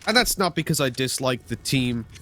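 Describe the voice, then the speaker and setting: Give me a male esports commentator, animated and teasing, with light background hiss. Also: mid-range voice, moderate pace. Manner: joking, animated, rising excitement on big plays. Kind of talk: play-by-play commentary.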